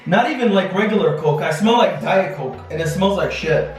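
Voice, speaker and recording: A woman's voice: lowish voice, lively intonation, normal speed, darkish tone. A woman vlogger chatting and squealing in a bathroom, laughing a lot and repeatedly saying she is scared. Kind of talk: excited casual vlog chat. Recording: echoey bathroom with faint music.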